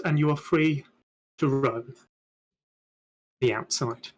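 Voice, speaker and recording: A man's voice: fairly high pitch, slow pace, pauses often, poor audio. A man narrating a tabletop game as game master, with descriptive scene-setting and a few hesitant fillers.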